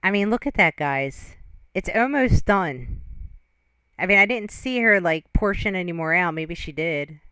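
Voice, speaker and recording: A woman's voice: on the low side, expressive, unhurried, bright, forceful tone, clean tone, no echo. A woman hosting a reaction video, giving teasing running commentary as she watches.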